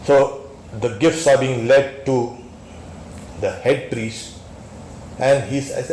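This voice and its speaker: Slow, emphatic swami in an echoey hall. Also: male voice, mid-range voice, a little mellow. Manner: conversational, emphatic, laughs often, exclaims. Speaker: swami teaching scripture class. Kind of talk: scripture lecture. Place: temple hall. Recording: echoey hall recording with faint noise.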